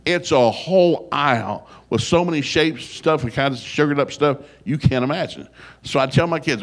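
An older man telling a funny family story in a folksy, animated way, his voice jumping up when he quotes himself. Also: normal speed. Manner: folksy, animated, gets loud and high when quoting himself.

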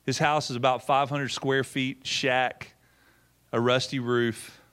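A man's voice: medium pitch, flat delivery, slow, a bit bright, smooth. A middle-aged man, a pastor, telling a story in a sermon in a folksy way, acting out quotes and often repeating words. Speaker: pastor and former missionary.

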